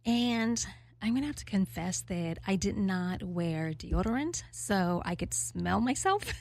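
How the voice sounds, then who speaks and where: A woman's voice: medium pitch, expressive, unhurried, creaky, darkish tone. A woman in her forties hosting a radio talk show, chatting candidly and rambling with many fillers and frequent laughter. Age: 40s. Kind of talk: casual chat to listeners.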